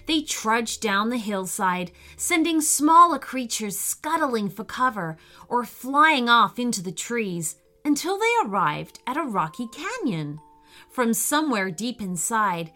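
Storyteller: woman, slow, bright, expressive reading over faint music. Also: on the high side. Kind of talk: children's story narration.

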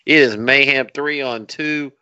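A man co-hosting a casual podcast, talking loosely and excitedly, swearing freely. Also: medium pitch, a little slow, clear, resonant tone, no echo, dull audio. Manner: loose, profane, excited banter. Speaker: podcast co-host.

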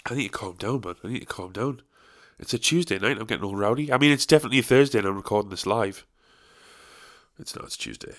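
Young male podcast host, low voice, loose crude self-deprecating rambler. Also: fast, a bit bright. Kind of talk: casual solo podcast chat.

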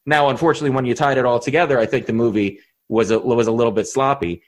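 A man's voice: medium pitch, steady tone, fast talker. A man co-hosting a podcast in casual chat, rambling and restarting his sentences, laughing often. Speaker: podcast co-host.

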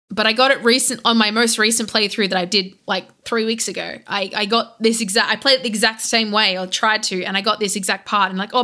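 A young woman guest on a podcast, casually retelling a game story in a rambling, animated way with lots of fillers and restarts. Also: medium pitch. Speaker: podcast guest, content creator.

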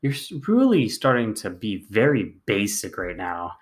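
A man's voice: lowish voice, big pitch swings, normal speed. A man co-hosting a podcast in casual chat, teasing his co-host with dry banter.

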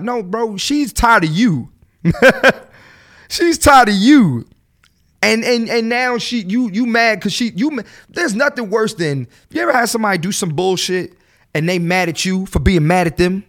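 A man in his thirties hosting a solo podcast, ranting bluntly in casual slangy talk and swearing freely, his voice jumping higher when he gets fired up. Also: normal speed. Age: 30s. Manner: animated, voice jumps up high when fired up. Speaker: podcast host.

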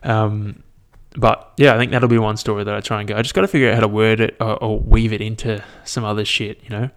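A man's voice: on the low side, steady tone, quick pace. A young man, hosting a podcast alone and chatting casually in a rambling, self-mocking way with plenty of swearing. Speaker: podcast host. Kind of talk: casual solo podcast chat.

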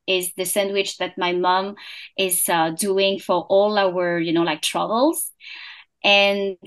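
A young woman whose first language is French talks through an interview at an unhurried pace. She hesitates often, restarting phrases and filling gaps. Her pitch sits in a middle range. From France. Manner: hesitant, many fillers and restarts. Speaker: podcast founder, guest. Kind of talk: casual interview chat.

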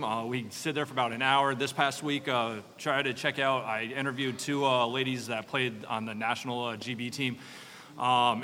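Guest with a bright, forceful voice, halting speech, long reverb. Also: male voice, mid-range voice. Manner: halting, lots of fillers. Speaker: guest hockey podcaster. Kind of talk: casual chat.

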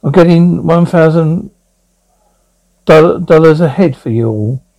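A man's voice: a little high, unhurried, darkish tone, low-quality recording. A man voicing a cruel male trafficker who taunts his captives in a sneering way. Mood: menacing.

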